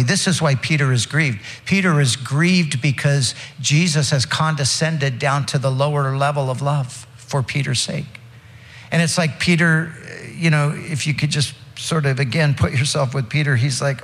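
A man's voice: medium pitch, unhurried, long reverb tail. A male pastor preaching an expository sermon, explaining scripture with frequent restarts and fillers.

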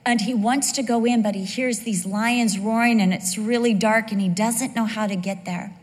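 A woman preacher delivering a sermon in an animated, joking way. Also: fairly high pitch, moderate pace, hardly any pauses, in a large hall.

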